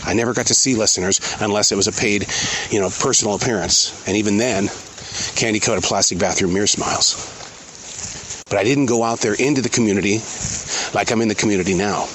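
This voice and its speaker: A middle-aged man hosting his own show, speaking in an earnest, halting, reflective way while out in a forest. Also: on the low side, fairly bright tone, slight background noise, rough recording. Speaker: podcast host. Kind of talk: reflective spoken monologue. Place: outdoors in a forest.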